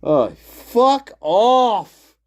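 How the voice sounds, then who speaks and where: A man hosts his own livestream and rambles in a loose, profane way, laughing as he goes. He talks slowly, and his pitch swings widely. The sound is dry and close, with no room echo. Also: big pitch swings, a little mellow. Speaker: host of a one-man show. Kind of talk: casual livestream chat.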